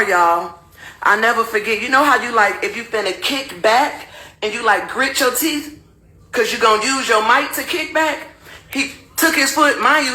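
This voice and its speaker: A woman's voice: on the high side, poor audio. A woman telling her own story to viewers candidly and animatedly. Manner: animated, acts out quotes in raised voice.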